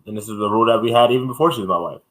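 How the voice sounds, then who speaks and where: Man co-host, blunt and animated, forceful bright tone, casual podcast chat. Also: lowish voice, racing, rough recording.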